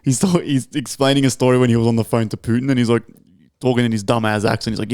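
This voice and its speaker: A man's voice: medium pitch, fairly even intonation, quick pace, darkish tone, no echo, clean studio sound. A man co-hosting a casual podcast chat, loose and blunt, swearing freely. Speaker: podcast co-host.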